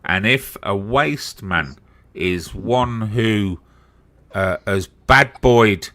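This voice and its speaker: A man's voice: fairly low pitch, lively intonation, very slow, pushed and bright. A man in casual chat, teasing with dry, mock-formal phrasing.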